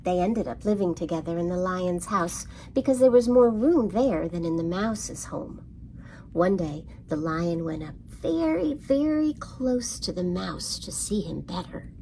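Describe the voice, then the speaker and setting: A woman reading a picture book aloud to children in an expressive storybook cadence. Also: on the low side, measured pace, a little hiss or hum.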